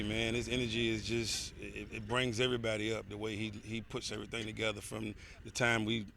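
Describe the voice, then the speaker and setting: A head football coach with a somewhat low voice speaks in an outdoor interview at a practice field. He talks earnestly, restarting phrases and leaning on "you know.". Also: gravelly, pushed and bright, a little hiss or hum. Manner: earnest, repeats words and says "you know" often.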